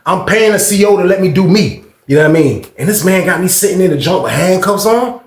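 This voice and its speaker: A man telling a story casually, animated and slangy, with lots of profanity and fillers. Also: high-pitched, a little fast. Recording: roomy echo.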